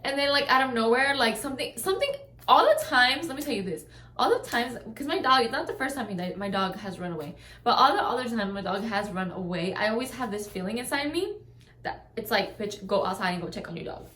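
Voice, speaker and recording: A woman's voice: fairly high pitch, lively intonation, brisk, fairly bright tone. A woman vlogger telling a rambling story at home in a casual, chatty way, often checking in with her listeners. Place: at home in a trailer. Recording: roomy echo.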